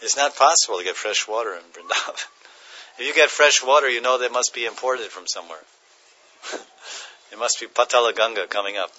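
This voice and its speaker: A man's voice: mid-range voice, brisk, sharp tone, dull audio. A man giving a devotional class, chanting verses, translating them and chuckling as he tells stories. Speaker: spiritual teacher.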